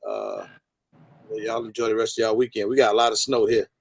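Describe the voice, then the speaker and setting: A man in a casual livestream chat, talking fast and animated as he gets ready to sign off. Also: fairly low pitch, vocal fry, husky, dry recording, low-quality recording. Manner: quick and animated, signing off.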